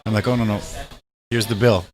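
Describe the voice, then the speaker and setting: A man hosting a casual chat, telling an animated story and acting out what people said. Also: lowish voice, a little fast. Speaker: host.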